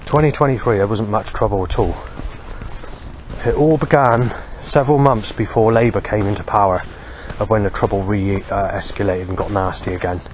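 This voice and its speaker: A man talking alone to camera in a rambling monologue, halting often to search for words. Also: fairly low pitch, fairly even intonation, slight background noise. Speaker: vlogger.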